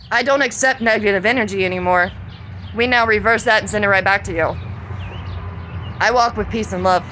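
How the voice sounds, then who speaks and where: A middle-aged woman with a Southern US accent, venting in a profane, confrontational vlog monologue that rises to shouts. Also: medium pitch, a little hiss or hum. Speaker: vlogger.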